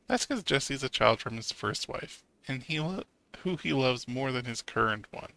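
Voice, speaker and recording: A man's voice: medium pitch, lively intonation, moderate pace, bright, forceful tone. A man streaming a story game, reading its narration aloud and breaking off to chat with his viewers. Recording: game music under the voice. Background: game music.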